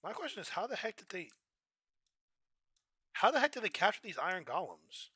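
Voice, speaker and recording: Young male streamer, bright and lively delivery, dry close sound, quick loud reactions. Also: high voice, no echo. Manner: chatty, reacts loudly to the game, clears throat often. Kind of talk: casual gameplay commentary.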